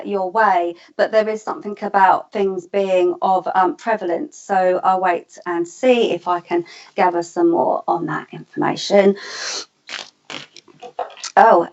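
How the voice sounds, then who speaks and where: A woman co-hosting as a psychic reader, talking hesitantly with many pauses and fillers and often giggling. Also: medium pitch, lo-fi sound. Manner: hesitant, lots of ums, giggly. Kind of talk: casual live reading chat.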